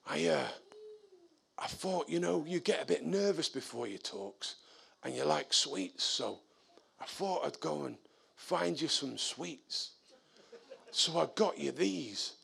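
A soft, sheepish friend, apologetic and kind, as a man recounts him speaking almost under his breath. The voice sits high for a man, hushed and gentle. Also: animated, slow, gravelly, pauses often, slightly rough, full character voice.

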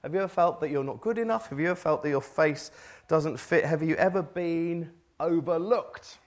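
A man's voice: on the high side, normal speed. A man preaching a casual sermon, asking the room rhetorical questions and reading scripture aloud. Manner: conversational, rhetorical questions, occasional restarts.

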